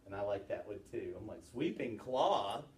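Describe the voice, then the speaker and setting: Teacher lecturing in a roomy classroom. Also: male voice, sits low. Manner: lively, quizzing students with quick questions. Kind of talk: classroom lesson on presentation gestures. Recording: roomy classroom sound from a distant mic, faint ambience.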